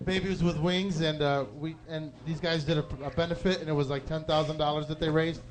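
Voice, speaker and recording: A man's voice: a little high, steady tone, a little fast. A man hosting a casual talk show, joking and cutting in with crude wisecracks. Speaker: radio show host.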